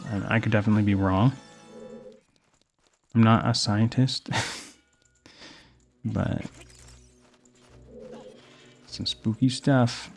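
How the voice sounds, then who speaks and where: Young adult male gamer, gravelly low voice, loose rambling commentary with game music underneath. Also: steady tone, takes it slowly, long pauses. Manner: rambling storytelling while playing. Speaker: gaming host. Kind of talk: casual let's play commentary.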